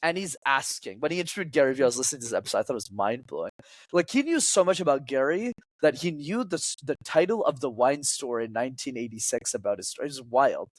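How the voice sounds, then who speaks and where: A man who coaches public speaking talks quickly at a medium pitch as a podcast guest, animated and acting out quoted lines in varying voices, with no room sound.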